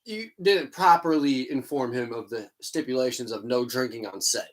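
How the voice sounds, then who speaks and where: A man co-hosting a casual podcast, blunt and quick to swear while giving his opinion. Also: medium pitch. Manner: blunt, swearing, reacts with short agreements. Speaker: podcast co-host.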